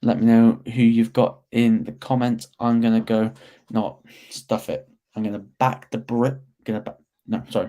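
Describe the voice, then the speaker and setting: Man, casual fight commentary, speaks to his viewers, mid pitch, mellow tone. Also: level tone, normal speed, hardly any pauses. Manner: chatty, talks straight to viewers, stumbles over words. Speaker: host of a fight watch-along.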